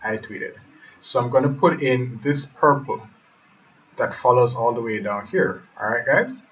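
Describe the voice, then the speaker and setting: A man's voice: medium pitch, animated, a little slow. A man teaching web design in a live screen-share tutorial, thinking aloud and often calling his viewers guys. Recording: muffled, distant mic with faint hiss.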